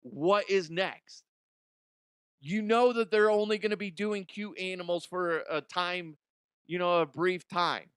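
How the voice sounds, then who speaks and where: A man's voice: moderate pace, smooth, dry recording. Joking man with a dry, close sound. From Colorado, USA. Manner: animated, joking, swings into silly high voices. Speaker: podcast host. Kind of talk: comedic news commentary.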